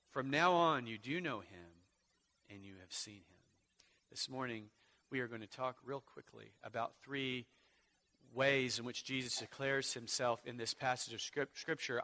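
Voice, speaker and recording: Preaching from the pulpit, this male pastor alternates hushed, unhurried lines with booming, emphatic ones, using a mid-range voice.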